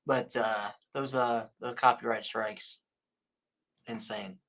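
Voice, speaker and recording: Chill podcast guy, bright voice, laughs a lot while talking sports. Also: medium pitch, fairly even intonation, slow pace. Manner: laid-back, laughs easily. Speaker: podcast host. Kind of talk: casual sports chat.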